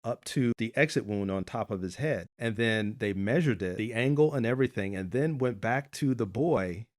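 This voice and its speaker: Low-voiced man host telling stories. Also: lively intonation, moderate pace, dry recording, studio quality. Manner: rambling storyteller, joking and blunt. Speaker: podcast host. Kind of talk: casual chat.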